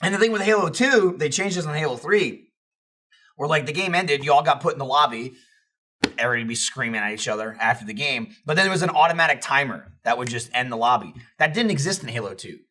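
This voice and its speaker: A man on a podcast telling animated, profanity-filled gaming stories in casual chat. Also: mid-range voice, quick pace, a little hiss or hum. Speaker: podcast co-host.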